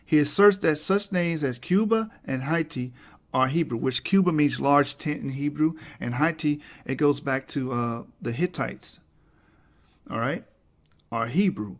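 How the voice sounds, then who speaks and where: A man's voice: fairly high pitch, unhurried. A man talking through a slide presentation, emphatic and often asking "right?" to the listener.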